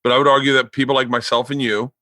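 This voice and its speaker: A man, hosting a casual podcast chat and telling stories with loud, high outbursts when he quotes himself. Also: very fast, dry recording. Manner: animated storyteller who jumps to loud high outbursts when quoting himself. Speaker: podcast host.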